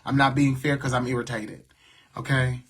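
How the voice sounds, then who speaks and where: A man's voice: mid-range voice, flat delivery, normal speed, breathy edge. A man venting to viewers on a livestream, blunt and talking back to their comments. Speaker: livestream host.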